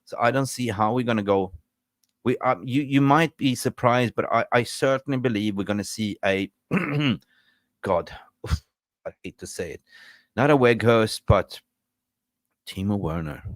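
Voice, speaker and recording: A man's voice: medium pitch, a little slow, pauses often, no echo, clean studio sound. A man hosting a casual football live stream, chatty and rambling, ranting in frustration with jokes and greeting viewers.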